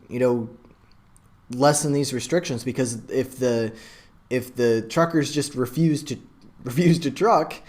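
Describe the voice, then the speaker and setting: Young man, reaction video host, excitable, rambling, average pitch, webcam at home. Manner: excitable, rambling, lots of likes and you knows. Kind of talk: casual reaction commentary.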